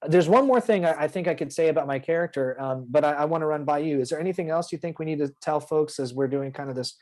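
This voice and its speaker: A man's voice: medium pitch, darkish tone, poor audio. A man playing in a tabletop game, explaining his character in casual chat, earnest and rambling with many fillers and restarts. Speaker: player.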